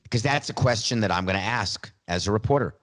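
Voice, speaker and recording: A man's voice: fairly low pitch, quick pace, a bit bright. A man hosting a sports podcast, making sarcastic, wry asides. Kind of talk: podcast commentary.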